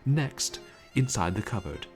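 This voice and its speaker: A man reading a dating game aloud, voicing a haughty rich pigeon who barks curt, slow orders. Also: lowish voice, expressive. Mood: bossy. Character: haughty rich male pigeon, bossy council president. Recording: game music behind the voice.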